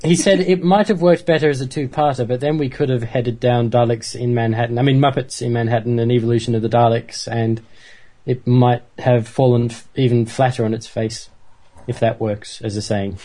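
A man's voice: mid-range voice, steady tone, moderate pace, warm tone. Playful, joking male co-host. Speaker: podcast co-host. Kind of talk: casual chat.

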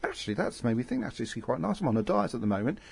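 A man hosting a relaxed podcast conversation, voice sitting at an ordinary middle pitch. He meanders through his thoughts, piling up fillers and restarting his sentences. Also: rapid-fire, vocal fry, breathy edge. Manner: rambling, many fillers and restarts. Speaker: podcast host. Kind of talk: casual chat.

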